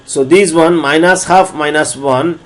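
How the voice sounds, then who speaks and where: A man lecturing on differential calculus, walking through each step slowly and repeating phrases as he explains. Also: on the high side, a bit bright. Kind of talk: recorded math lecture.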